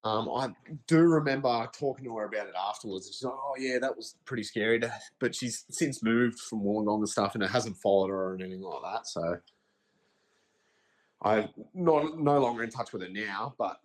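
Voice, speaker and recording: A man in his thirties with an Australian accent, telling a ghost story as a podcast guest in a halting, hesitant way with many fillers. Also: fairly low pitch. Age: 30s. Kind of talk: casual storytelling.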